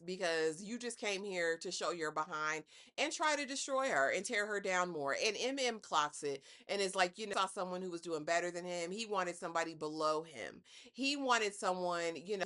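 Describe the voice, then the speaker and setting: A woman's voice: fairly low pitch, a bit bright. A woman recapping a reality show in casual commentary, sassy and dramatic, roasting with pointed rhetorical jabs.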